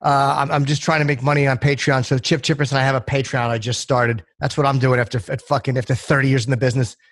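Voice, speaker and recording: A man's voice: mid-range voice, level tone, fast, a bit bright. A man guesting on a podcast, talking bluntly and self-deprecatingly, with plenty of swearing. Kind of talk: casual chat.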